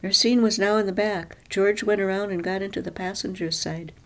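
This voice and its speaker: A woman's voice: mid-range voice, steady tone, brisk, a bit bright. Woman reading a story aloud. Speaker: narrator. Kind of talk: scripted narration of a story.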